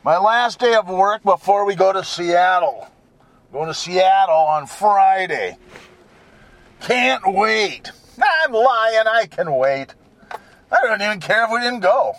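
A man's voice: high voice, lively intonation, takes it slowly, a bit bright. A man rambling and joking while he drives his truck, swearing freely in a casual vlog. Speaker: vlogger. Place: inside a truck while driving.

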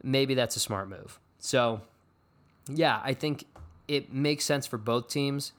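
A podcast host with a medium-pitched, fairly bright voice talks slowly through a casual fantasy sports chat. He wanders from topic to topic, cracking jokes and poking fun at himself in an offhand way.

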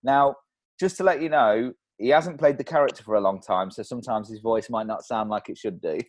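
Laughing man, husky. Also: mid-range voice, brisk, dry recording. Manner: laughing often, swearing, bantering. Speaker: podcast co-host. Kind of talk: casual comedy podcast banter.

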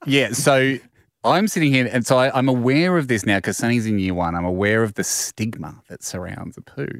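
A man's voice: mid-range voice, brisk, no echo, studio quality. A man in his thirties with an Australian accent, co-hosting a podcast and telling a rambling comedic anecdote full of restarts. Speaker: podcast co-host. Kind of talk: casual comedic storytelling.

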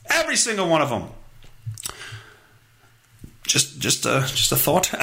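A man hosting a solo podcast, reading headlines with crude, profane sarcasm. His voice is bright and gravelly with a lively pitch. The sound is roomy and echoey. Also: a little slow, pauses often. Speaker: podcast host. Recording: echoey room.

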